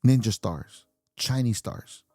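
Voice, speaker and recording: A man's voice: mid-range voice, lively intonation, slow pace, warm tone, dry recording, studio quality, soft background music. A man in his fifties hosting a podcast, delivering a blunt, swear-filled rant and laughing at his own points. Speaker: podcast host. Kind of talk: profane ranting monologue.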